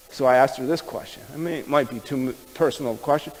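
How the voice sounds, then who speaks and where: A man's voice: mid-range voice, quick pace, few pauses, big-room sound, low-quality recording. A man preaching a sermon, telling stories in a folksy, conversational way and speaking directly to the men in the room. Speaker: pastor. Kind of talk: sermon storytelling.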